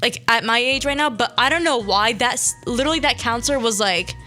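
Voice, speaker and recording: A woman's voice: fairly high pitch, pushed and bright, soft background music. A young woman from Syria, hosting a radio show and telling stories from her school days in a chatty way. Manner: chatty, quick asides and quoted voices. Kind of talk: casual storytelling monologue.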